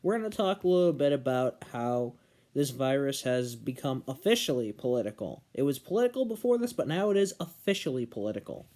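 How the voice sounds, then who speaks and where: A young man from New Hampshire giving an earnest political commentary monologue, slowing down and stressing key words. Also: mid-range voice, expressive, darkish tone. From New Hampshire, USA. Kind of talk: casual opinion monologue.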